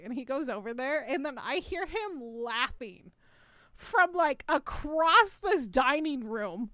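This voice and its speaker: A young woman tells a rambling story on her podcast in a bright, high voice, laughing and swearing freely as she goes. The sound is dry and close, with no room around her. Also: big pitch swings, measured pace, no echo. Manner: swears often, laughs through stories. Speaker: podcast co-host. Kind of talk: casual chat.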